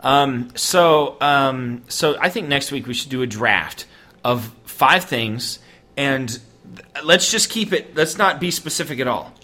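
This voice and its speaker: A man's voice: medium pitch, lively intonation, slow, bright, forceful tone. A man from the United States co-hosting a podcast, chatting casually and joking with frequent laughs. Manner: joking, laughs often, rambling. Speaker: podcast co-host.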